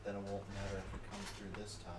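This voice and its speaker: A man's voice: fairly low pitch, monotone, fast talker, distant mic, very noisy. A man bantering with a friend at home, cocky and crude, joking around. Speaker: streamer's friend. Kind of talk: casual banter. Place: same home as host.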